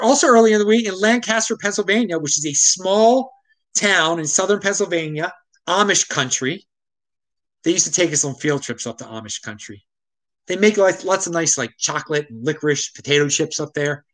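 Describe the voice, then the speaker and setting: His voice sits high and a bit bright as this Baltimore-area man, host of his own show, rants at normal speed. The casual opinion piece is exasperated and full of restarts, captured on poor audio.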